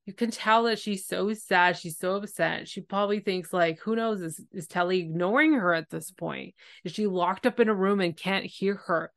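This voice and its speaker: A woman's voice: lowish voice, moderate pace, gravelly, hardly any pauses, dry recording, clean studio sound. A woman hosting a podcast, recapping a TV episode in casual, emotive chat and acting out the scenes. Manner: emotive, retells scenes with acted quotes. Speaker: podcast host.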